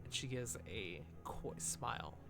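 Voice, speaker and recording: A man's voice: medium pitch, expressive, measured pace, vocal fry. Man, game master, narrating a tabletop game, casual descriptive, background music. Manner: loose, descriptive narration with hedges.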